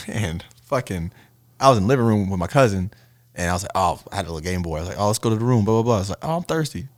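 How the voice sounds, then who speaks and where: A man chatting casually with friends, telling stories in an animated way and swearing freely. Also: low-pitched, very fast, dry recording, clean studio sound. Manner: animated storyteller, swears freely, bursts into loud laughter. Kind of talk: casual chat among friends.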